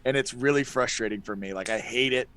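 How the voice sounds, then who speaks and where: A man's voice: medium pitch, quick pace, fairly bright tone. A man chatting casually as a podcast guest, rambling and self-deprecating with many restarts. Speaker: guest player.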